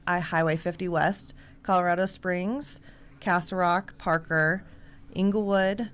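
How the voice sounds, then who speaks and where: A woman's voice: fairly low pitch, fairly even intonation, a little slow, fairly bright tone. A woman on a radio show as a restaurant guest, talking about the menu in an upbeat, promotional way. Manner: upbeat, promotional, frequent light laughs. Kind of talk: casual radio chat.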